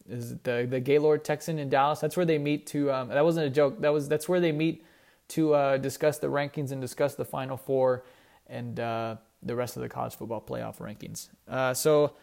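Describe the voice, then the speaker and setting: A man's voice: mid-range voice, vocal fry, a little mellow. A young man hosting a casual sports show, rambling and correcting himself as he talks enthusiastically about college teams. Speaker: sports podcast host.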